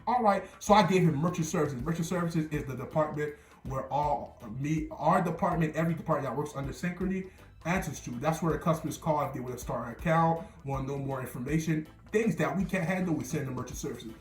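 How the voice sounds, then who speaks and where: A young man from New Jersey tells a story in a loose, slangy way, with lots of restarts and repeated words. His voice sits a little high for a man. The room gives it a noticeable echo. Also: fast talker. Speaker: YouTuber telling a story. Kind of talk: casual storytelling.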